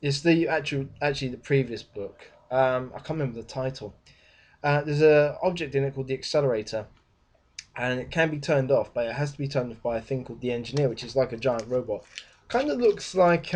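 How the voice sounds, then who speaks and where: A man's voice: mid-range voice, expressive, fairly quick, a little mellow. A young man talks through a book review. He rambles loosely, trails off, backtracks and starts again. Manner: rambling, with many fillers and restarts. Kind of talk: casual spoken book review.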